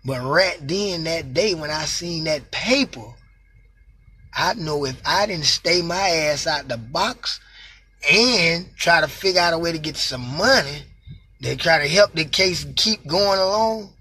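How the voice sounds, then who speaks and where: A man in his late thirties telling his own story in a casual, emphatic monologue that sinks into quiet, reflective stretches. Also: expressive, unhurried, slightly rough. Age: late 30s. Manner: emphatic, drops to low reflective tones.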